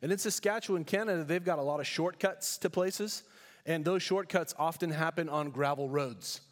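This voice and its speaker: A pastor from California preaching a sermon in a church, emphatic, with rhetorical questions and storytelling asides. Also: male voice, fairly high pitch, normal speed, big-room sound.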